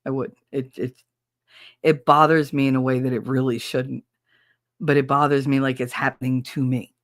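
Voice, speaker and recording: A woman with a low-set voice hosts her podcast in an open, emotional monologue. She talks bluntly, swears without a second thought and keeps circling back to restart her sentences. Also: little pitch movement, moderate pace. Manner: rambling with frequent restarts. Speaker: podcast host.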